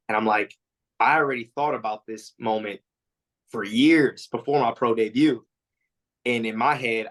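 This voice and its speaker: A man, a fighter, answering interview questions in casual talk, acting out quotes with lots of fillers. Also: fairly low pitch. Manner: animated storytelling, acts out quotes; frequent fillers and restarts. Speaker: MMA fighter, interview guest.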